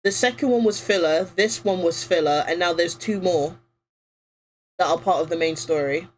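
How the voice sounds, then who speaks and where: A woman's voice: fairly low pitch, moderate pace, slight background noise. A woman streamer chatting casually while playing, rambling with lots of fillers, her voice strained. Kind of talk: casual gameplay chat.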